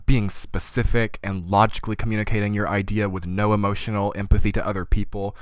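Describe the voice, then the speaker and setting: A man's voice: on the low side, dry recording. A man giving a casual tarot reading and losing his voice a little, rambling and talking with many "you know" and "like" fillers. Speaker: tarot reader.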